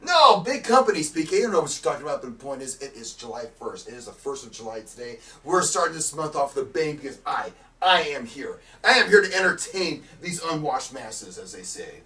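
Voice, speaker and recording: A man's voice: medium pitch, lively intonation, brisk, few pauses, sharp tone. Brief: pompous male wrestling commentator, bouncy swooping delivery, slightly distant mic. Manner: boastful, pompous. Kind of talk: bombastic promo commentary.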